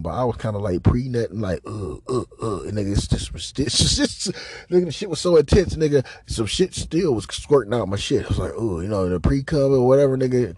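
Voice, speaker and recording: A man's voice: on the low side, darkish tone, slightly rough, no room sound. A man hosting a podcast, telling a loose, rambling story full of slang fillers and asides to listeners. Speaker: podcast host. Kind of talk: casual profane storytelling.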